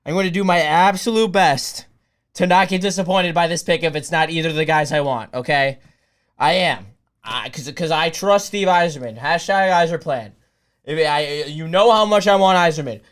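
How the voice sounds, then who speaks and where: A young man hosting a casual live stream. He rambles, answers his chat and sometimes breaks into loud hype cheering. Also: fairly high pitch, normal speed. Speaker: streamer hosting a draft watch party.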